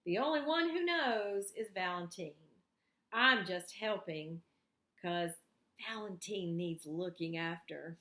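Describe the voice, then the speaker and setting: A woman voicing a gentle, patient young man who speaks softly and reassuringly. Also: on the low side, animated, takes it slowly, roomy sound.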